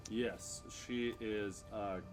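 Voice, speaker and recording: A man running a tabletop game as game master, describing scenes with many pauses and fillers. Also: on the low side, fairly even intonation, over music. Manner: hesitant, many fillers, chuckling. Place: backyard or living room, home table. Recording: noisy home table recording.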